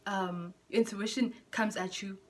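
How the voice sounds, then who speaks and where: A young woman vlogging from home in candid, profane, slang-filled chat, jumping between loud bursts and soft near-whispers. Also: mid-range voice, steady tone, measured pace. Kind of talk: casual chat to camera.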